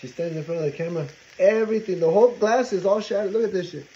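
A man telling a story while he cooks at home, in a casual, animated and profane way, dropping Spanish phrases into his talk. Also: sits high, fast, lo-fi sound. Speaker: cooking vlogger. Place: home kitchen. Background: frying and sizzling food.

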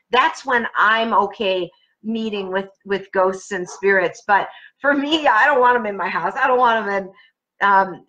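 A woman psychic speaking from home in a casual live-stream chat, gentle and reassuring with her viewers. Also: a little high, low-quality recording. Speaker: professional psychic.

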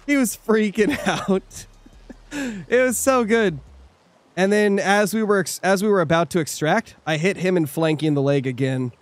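A man's voice: high-pitched, normal speed, no room sound. A man hosting a casual gaming stream with friends, telling stories animatedly and laughing often. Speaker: streamer host.

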